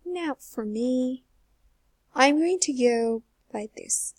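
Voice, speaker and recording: A young woman gives an English pronunciation lesson at an unhurried pace. Her voice is slightly raised in pitch with a husky edge. She repeats each example phrase slowly to demonstrate it. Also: expressive, a little mellow, no echo. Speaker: English teacher. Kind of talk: slow, careful pronunciation lesson.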